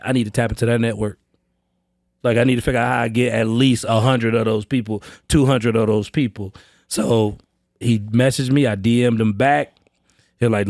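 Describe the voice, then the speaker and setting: Podcast guest, male, streetwise sales trainer, lively quotes, dry sound. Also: no room sound. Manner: animated, slangy, acts out quotes with high pitch jumps. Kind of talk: casual podcast storytelling. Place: indoor training space, live session.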